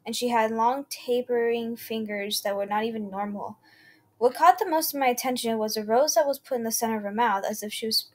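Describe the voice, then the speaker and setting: Woman narrator, slightly high voice, reads a horror story with stumbles and restarts. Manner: reads unevenly, with slips and self-corrections. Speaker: channel host reading creepy stories.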